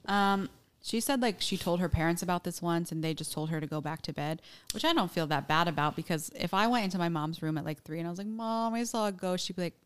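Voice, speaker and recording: Young woman, podcast co-host, lowish voice, smooth and clear, casual, lots of "like" and "um". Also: fast. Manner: chatty, filler-heavy, restarts sentences. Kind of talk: casual chat, reading research notes.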